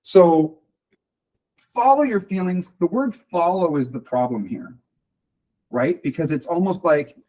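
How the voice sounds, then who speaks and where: A man's voice: fairly high pitch, animated, a little slow, long pauses, warm tone. A man giving a casual explanatory monologue on emotions, rambling with many fillers and restarts. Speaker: speaker on emotions and self-awareness. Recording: distant from the mic.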